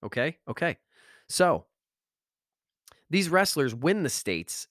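A man's voice: a little high, takes it slowly, long pauses, dry recording, clean studio sound. Emphatic middle-aged man, motivational podcast. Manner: energetic, emphatic, repeats phrases for effect. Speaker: podcast host. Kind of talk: motivational monologue.

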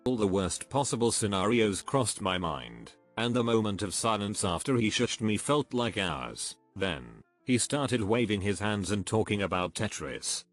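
A man reading forum stories aloud in a scripted narration, with dry, conversational asides between them. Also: on the low side.

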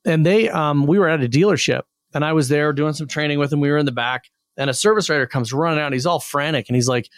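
A man co-hosting a casual podcast, chatty and telling anecdotes with lively quoted dialogue. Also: on the high side, quick pace, few pauses, dry recording.

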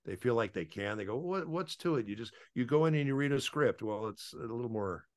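A man, a voice actor, rambles through anecdotes in casual interview chat, with many filler pauses. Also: fairly low pitch. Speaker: voice actor guest.

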